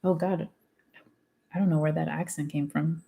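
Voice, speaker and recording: A woman's voice: low voice, steady tone, moderate pace, creaky, warm tone. A woman reading a self-help book aloud in a casual way, often stumbling over and rereading words and breaking off into candid side comments. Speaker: book reader.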